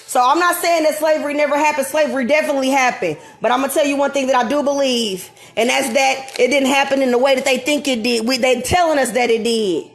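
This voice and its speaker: A woman's voice: sits high, fast, few pauses. A woman in her thirties ranting to camera from her kitchen at home, heated and profane, at times near tears. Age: 30s. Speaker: vlogger. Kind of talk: unscripted rant to camera.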